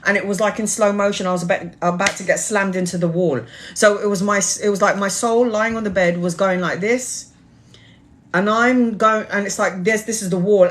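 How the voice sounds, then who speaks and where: Woman tarot reader, live-stream chat, earnest and spiritual, rambling and blunt. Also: medium pitch. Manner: loose, rambling delivery full of restarts. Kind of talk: casual live-stream storytelling.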